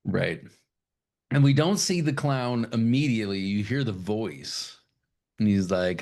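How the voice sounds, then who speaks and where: A man hosting a casual podcast chat, animated and swearing freely, acting out lines in high put-on voices. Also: unhurried. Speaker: podcast host.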